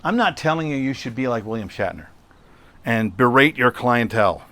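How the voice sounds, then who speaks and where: A man's voice: mid-range voice, animated, normal speed, bright, forceful tone. A middle-aged man hosting a solo podcast, talking conversationally and telling a story with rhetorical questions. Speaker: podcast host.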